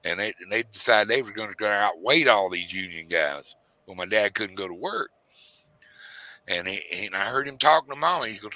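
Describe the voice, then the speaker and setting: Middle-aged man, bright forceful voice, dry close sound, rambling storyteller. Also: fairly low pitch, animated, fairly quick, no room sound. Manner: rambling Southern-drawled storytelling, quoting his parents in raised voices. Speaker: host telling a story. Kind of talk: casual storytelling chat.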